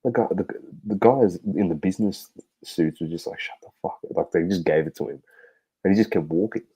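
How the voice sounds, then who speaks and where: A man's voice: deep voice, brisk, dark tone, husky, poor audio. An Australian man co-hosting a sports podcast, telling stories in a loose, sweary, laughing way. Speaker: podcast co-host. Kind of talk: casual sports podcast chat.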